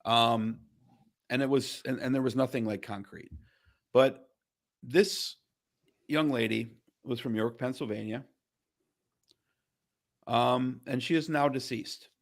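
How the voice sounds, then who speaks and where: A man's voice: mid-range voice, takes it slowly, pauses often. A man hosting a live stream and talking casually, with lots of ums and restarts. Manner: casual, filler-heavy, loose. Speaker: host.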